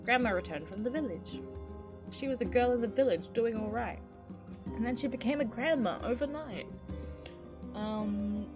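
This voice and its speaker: A woman streamer reading a game's story aloud, breaking off to swear and chat casually. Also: medium pitch. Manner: casual, swears at the game, chatty asides. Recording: voice with loud game music behind.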